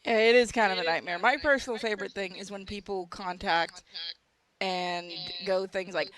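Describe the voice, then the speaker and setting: A woman's voice: mid-range voice, moderate pace, a bit bright. A woman hosting a casual chat, wry and joking, easily amused. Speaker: podcast host.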